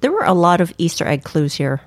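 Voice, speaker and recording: Goofy woman with a lowish voice. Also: sing-song, a little fast, dry recording. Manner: goofy, giggly, punchy. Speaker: podcast co-host. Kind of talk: casual chat.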